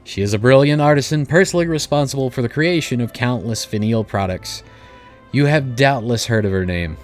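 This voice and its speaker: A man's voice: mid-range voice, brisk, faint music behind, natural voice. Man reading as a long-winded guild receptionist. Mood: formal. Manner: reading game dialogue aloud in a stately tone.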